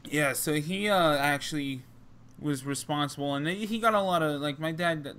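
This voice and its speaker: Bright, clear-voiced Jersey man rambling. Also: fairly high pitch, normal speed. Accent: New Jersey. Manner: rambling, many fillers and restarts. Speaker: podcast co-host. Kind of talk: casual storytelling chat.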